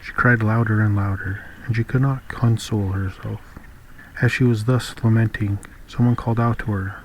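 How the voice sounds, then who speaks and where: A man narrates an old fairy tale in a calm, measured storybook reading. His voice sits fairly low, and a faint hiss of ambience runs underneath it. He keeps a steady, unhurried reader's pace. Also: poor audio. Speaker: audiobook reader.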